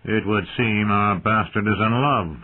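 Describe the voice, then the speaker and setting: A cold, sharp-tongued older master-at-arms who sneers at his young charges, read by a man. The voice is low and a little husky. It comes through thin, phone-like audio. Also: measured pace. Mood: scornful. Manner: cold, cutting and mocking.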